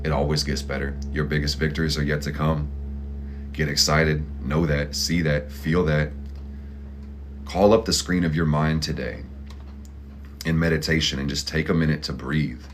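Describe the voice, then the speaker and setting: Very deep-voiced blunt tarot host. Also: male voice, flat delivery, moderate pace, pauses often, soft background music. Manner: blunt, profane, pep-talk style with slang asides. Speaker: astrology and tarot channel host. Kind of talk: casual motivational tarot reading.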